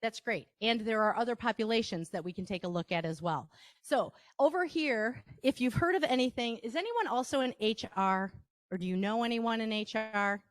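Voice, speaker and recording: A woman with a Wisconsin accent and a slightly high voice gives a live workshop presentation at a moderate pace. She's chatty, tossing in asides and rhetorical questions to the audience, and the recording is dry with clean studio sound.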